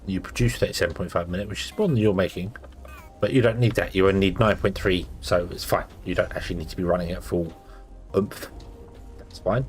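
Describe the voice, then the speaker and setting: A man's voice: deep voice, fairly even intonation, quick pace, faint music behind. A sleepy man casually commenting on his own gameplay, thinking aloud with lots of fillers. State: sleepy, yawning. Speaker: gameplay streamer.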